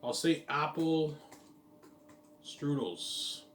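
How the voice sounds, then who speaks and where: A man's voice: on the high side, expressive, drawn-out words, fairly bright tone. A man in a casual rambling monologue about his company plans, repeating stock phrases like "look at that" and "yeah, man". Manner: repetitive, keeps saying "yeah, man" and "look at that". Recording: echoey room, distant mic, faint ambient noise.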